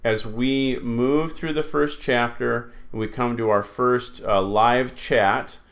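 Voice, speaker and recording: A man teaching an online Latin lesson, explaining slowly and patiently with many fillers. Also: medium pitch, steady tone.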